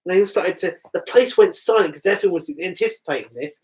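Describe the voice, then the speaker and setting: Man, casual live-stream co-host, animated storytelling, quick laughs, swearing. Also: high voice. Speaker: podcast co-host.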